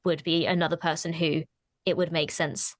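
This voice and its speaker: This co-host of a relaxed discussion has a low voice with a level tone and a brisk pace. Her delivery is considered but hesitant, with frequent restarts. The studio-quality audio is dry.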